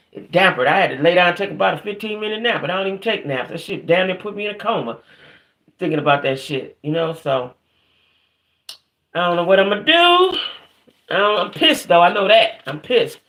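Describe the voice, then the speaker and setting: A woman's voice: lowish voice, lively intonation, a little fast, fairly bright tone. A middle-aged woman hosting a casual livestream. She vents about her day in a profane, aggravated way and greets chat viewers by name as she goes. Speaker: livestream host.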